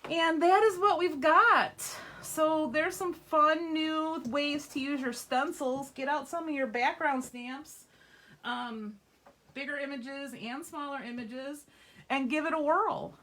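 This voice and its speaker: A woman's voice: high-pitched, slow, pushed and bright. A woman hosting a live craft demonstration, chatty and upbeat, reassuring viewers as she shows a stamping technique. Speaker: craft workshop host. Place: craft store classroom.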